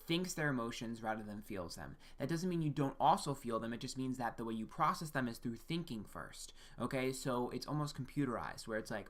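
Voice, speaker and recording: A man with a bright, sharp-edged voice talks his way through a personal birth chart reading. He speaks plainly and directly to one listener, with an easygoing, frank delivery that often checks in with "okay?" and lets a curse word slip. His voice sits at an ordinary male pitch. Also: expressive, brisk, few pauses. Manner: frank, with occasional swearing. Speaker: astrologer.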